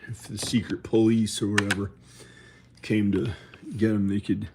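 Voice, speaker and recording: A man's voice: on the low side, flat delivery, normal speed, background noise. A man vlogging from inside his house in a rambling casual monologue, wandering off mid-thought and starting over. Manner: meandering, trailing off and restarting thoughts. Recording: roomy echo in a house.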